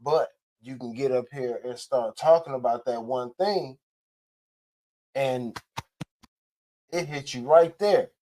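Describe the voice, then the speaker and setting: A man's voice: mid-range voice, slow, long pauses, dark tone. Insistent man, stammering restarts. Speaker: co-host. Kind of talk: casual chat.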